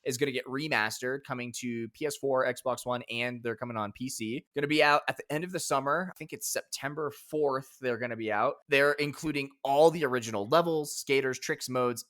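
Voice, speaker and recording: A man co-hosting a podcast in casual chat, enthusiastic and excitable. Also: mid-range voice, fairly quick, few pauses. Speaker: podcast co-host.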